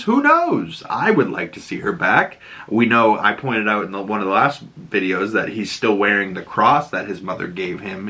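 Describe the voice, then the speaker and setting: A man talks through a TV episode with excited energy. He has a bright, forward tone and keeps breaking into little acted-out lines. The style is loose and casual. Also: mid-range voice. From Boston area. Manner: excited, animated, laughs often, acts out lines. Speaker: show breakdown host. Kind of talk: casual commentary.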